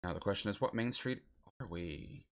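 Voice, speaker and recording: A man's voice: lowish voice, moderate pace. A young man streaming a geography guessing game, chatting casually and musing aloud as he guesses locations.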